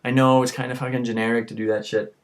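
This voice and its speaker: A man's voice: mid-range voice, flat delivery, quick pace, slight background noise. Tipsy man ranting profanely. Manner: crude, ranting, swears constantly. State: tipsy from drinking. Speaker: vlogger. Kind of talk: rambling profane monologue to camera.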